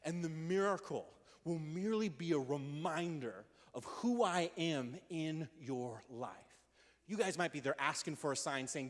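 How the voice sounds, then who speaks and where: Energetic young pastor man in a reverberant hall. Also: fairly high pitch, normal speed. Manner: energetic and conversational, acting out quotes in voices. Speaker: youth pastor. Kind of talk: casual youth sermon. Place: church hall. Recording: long reverb of a large hall.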